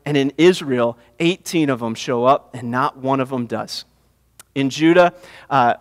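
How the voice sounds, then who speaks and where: A man's voice: medium pitch, fairly bright tone, in a large hall. A man preaching a sermon as pastor, building to impassioned emphasis and repeating his phrases. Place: church sanctuary.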